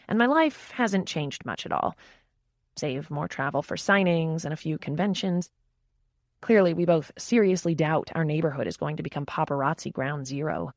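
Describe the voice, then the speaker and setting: A woman narrating a romance audiobook in the first person, with wry, expressive storytelling. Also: low-pitched, no echo, studio quality.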